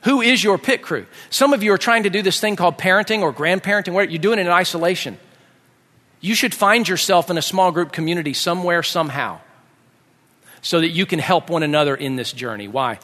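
Middle-aged man, pastor, lively storyteller, long hall reverb. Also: high-pitched, brisk. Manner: animated, acts out his kids' voices. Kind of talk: sermon with storytelling.

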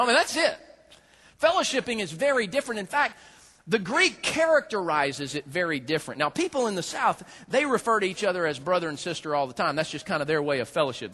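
A man preaching a sermon as a pastor, folksy and joking, with animated storytelling. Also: high-pitched, breathy edge.

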